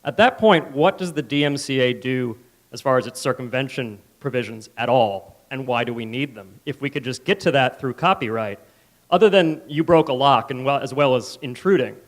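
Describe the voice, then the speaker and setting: A man's voice: mid-range voice, normal speed. A young man in the audience, asking a detailed technical question in a precise way.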